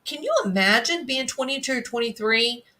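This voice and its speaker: A woman's voice: on the high side, animated, normal speed, pushed and bright. A woman giving blunt, scornful solo commentary, reading viewer comments and mocking the person she discusses. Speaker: true crime commentator.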